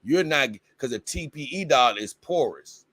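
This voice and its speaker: A man's voice: mid-range voice, lively intonation, unhurried, a bit bright, slightly rough, no room sound. Man, livestream host, casual rambling chat, mid-range voice, dry close sound. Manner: rambling, with bursts of exasperated confusion. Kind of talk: casual livestream chat, reading viewer comments aloud.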